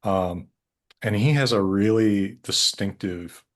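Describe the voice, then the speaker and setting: A man with a deep voice and a Colorado accent talks as an interview guest. He speaks in a slow drawl and thinks out loud, hedging as he goes. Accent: Colorado, American West. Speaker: guest linguist. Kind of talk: conversational interview.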